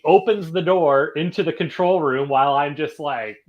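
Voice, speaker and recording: A man, a band member guest on a podcast, telling a studio story in a halting, rambling way full of restarts. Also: fairly high pitch, highs cut off. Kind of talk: casual interview chat.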